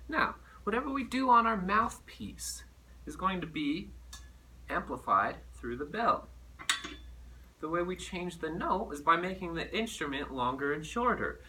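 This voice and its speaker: A man teaching a recorded music lesson to children, animated and playful as he demonstrates. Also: on the high side, recorded from a distance, slight background noise.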